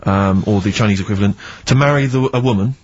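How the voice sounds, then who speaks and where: A man's voice: fairly low pitch, quick pace, slightly rough, dry recording. A man co-hosting a radio show in a studio, trading dry, sarcastic banter. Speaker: radio co-host. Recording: dull lo-fi radio broadcast.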